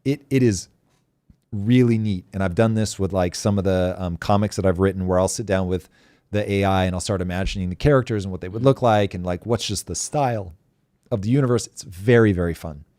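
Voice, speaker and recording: A man's voice: low-pitched, brisk, a little mellow, no room sound, studio quality. A man hosting a live talk show, chatting bluntly and animatedly, swearing freely. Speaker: host. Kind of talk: casual live show chat.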